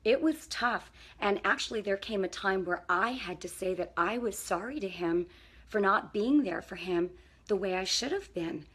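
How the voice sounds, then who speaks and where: A middle-aged woman who works as a parenting coach and counselor talks to camera in a casual, faith-based way, earnest and encouraging and often checking in with the viewer. Her medium-pitched voice is expressive, fairly bright, and slightly rough, at a normal speed.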